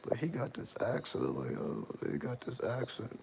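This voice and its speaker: A man talking casually to his viewers in a rambling, self-interrupting way, full of slang, over steady background noise. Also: medium pitch, normal speed, creaky. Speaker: channel host. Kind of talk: casual personal monologue to viewers.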